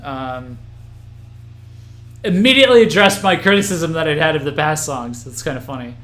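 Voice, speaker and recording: A man's voice: a little high, expressive, moderate pace, fairly bright tone, reverberant, slight background noise. A man hosting a live stream, reacting to an album as it plays, rambling and restarting his sentences. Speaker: podcast host.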